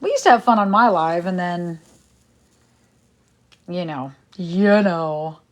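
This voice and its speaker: On a casual livestream, a middle-aged woman with a fairly low voice takes her time, rambling to her viewers in an exasperated way.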